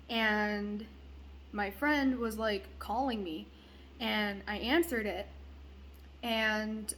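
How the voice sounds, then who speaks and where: Young mom talking into her phone, kinda high-pitched, rambly and cursing, faint hum behind. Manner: rambling, profane, uses many fillers. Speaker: parent. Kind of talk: casual storytime vlog.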